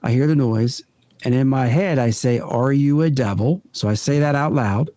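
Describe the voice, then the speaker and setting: Mellow-voiced man telling earnest stories. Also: medium pitch, no echo. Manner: earnest, deliberate, builds stories step by step. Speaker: podcast guest, paranormal investigator. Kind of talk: conversational storytelling in an interview.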